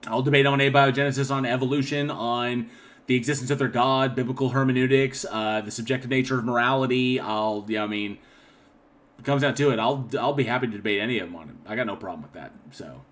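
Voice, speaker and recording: Man, livestream host, casual commentary, rambling, keeps clearing his throat, mid-pitched voice. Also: fast talker, fairly bright tone. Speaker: channel host.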